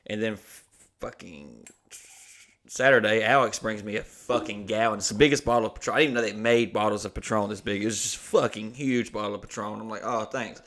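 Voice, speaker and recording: A man's voice: on the low side, fairly quick, a bit bright. A man in his thirties telling crude, joking stories as a podcast co-host. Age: 30s. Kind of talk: casual comedy podcast chat.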